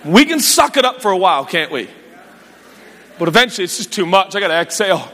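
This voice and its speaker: A man preaching a sermon in a church, animated and self-mocking, with quick asides. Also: high voice. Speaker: pastor. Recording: echoey church hall.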